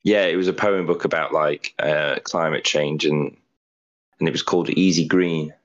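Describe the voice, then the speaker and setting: Twenties man, deep voice, rambly podcast co-host, slightly muffled audio. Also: steady tone, normal speed. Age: 20s. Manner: rambling, self-deprecating, repeats words while thinking. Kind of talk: casual chat.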